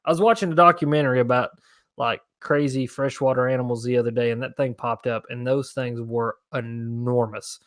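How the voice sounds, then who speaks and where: A young man chats loosely through viewer questions on a fishing livestream. His voice sits at a middle pitch and is recorded close and dry, with no room sound. He rambles easily and stays casual. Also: steady tone, brisk, fairly bright tone, no room sound. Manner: laid-back, rambling, answering viewer questions. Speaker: fishing channel host.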